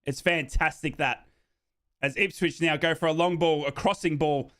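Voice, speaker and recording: Male fan host calling a match live, high bright voice, swings to shouting. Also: moderate pace. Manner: excitable, bursts into shouting celebrations; reads out viewers' names and answers them. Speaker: host of a live football watchalong.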